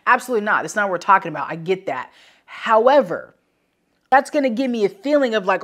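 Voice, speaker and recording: A woman's voice: mid-range voice, animated, fast. A woman hosting a motivational podcast alone, speaking emphatically in casual slang and repeating key phrases for emphasis. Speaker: podcast host. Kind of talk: motivational solo podcast talk.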